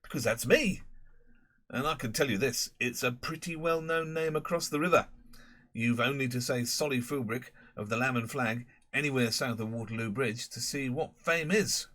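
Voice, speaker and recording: A man's voice: medium pitch, moderate pace, fairly bright tone, voice pushed up, natural voice. A man voicing a boastful, rambling middle-aged London pub owner and former crook with a Cockney accent.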